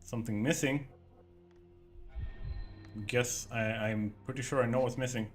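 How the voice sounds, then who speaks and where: A man's voice: mid-range voice, steady tone, a little slow, faint music behind. Jokey man streaming a horror game. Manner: jokey, exclamatory asides. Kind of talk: casual gameplay commentary.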